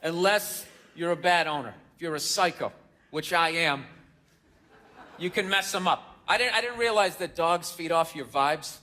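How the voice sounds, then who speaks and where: A man's voice: a little high, moderate pace, sharp tone. A middle-aged man, a comedian, ranting bluntly and sarcastically in a stand-up and podcast style. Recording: clip with audience laughter.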